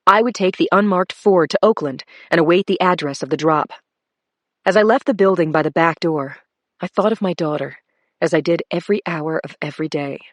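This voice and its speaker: A woman narrating a crime thriller in a low, steady voice. Her delivery is measured and even. The recording is dry and close. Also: no room sound. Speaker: audiobook narrator. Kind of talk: scripted first-person thriller narration.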